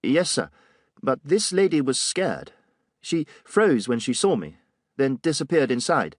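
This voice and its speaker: A man's voice: medium pitch, very animated, a little slow, no room sound, studio quality, voice pushed up. A man voicing a young, earnest and nervous police sergeant with a polished English accent, polite and deferential. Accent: English, Home Counties.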